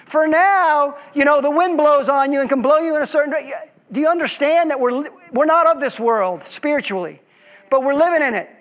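A man's voice: very high-pitched, brisk, a bit bright. A man preaching a sermon as pastor, asking his congregation rhetorical questions and acting out quoted voices.

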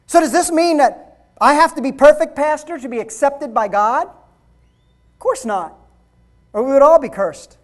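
High-voiced woman preaching. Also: expressive, unhurried, pauses often. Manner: conversational preaching with rhetorical questions, rising to shouts. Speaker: pastor. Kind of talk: sermon.

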